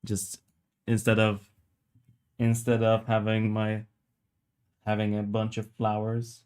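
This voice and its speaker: A man's voice: on the low side, monotone, slow, a little mellow, clean tone. A man streaming live as he sculpts, rambling and joking with his viewers in a casual chat and swearing now and then. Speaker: livestreamer sculpting while chatting.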